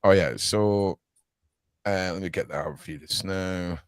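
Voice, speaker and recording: Scottish man, podcast guest, low voice, dry recording, loose rambling talk. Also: measured pace, smooth, no room sound. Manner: relaxed storytelling, repeats words. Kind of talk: casual chat.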